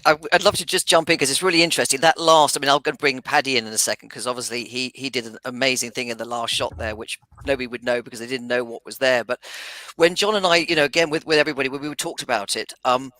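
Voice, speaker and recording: A man's voice: mid-range voice, fast talker, pushed and bright, dry recording. A man, a film director and guest on a livestream podcast, talking enthusiastically and stumbling over his words.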